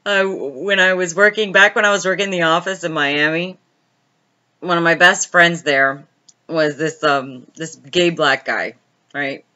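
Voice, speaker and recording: A woman's voice: low-pitched, measured pace, bright, forceful tone, highs cut off. A woman hosting a casual late-night live stream, reading viewer comments aloud, laughing often and telling stories. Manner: chatty storytelling.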